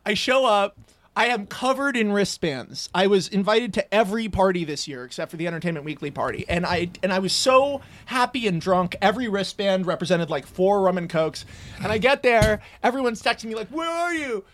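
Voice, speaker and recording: A man, a screenwriter guest on a podcast, telling a self-mocking story in animated, casual chat. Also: high-pitched, fairly quick.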